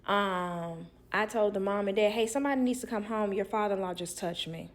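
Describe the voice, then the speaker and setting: A young woman who works as a nanny, telling a work story to viewers in a blunt, animated way. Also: mid-range voice, fairly quick. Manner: blunt, animated, acts out others' lines.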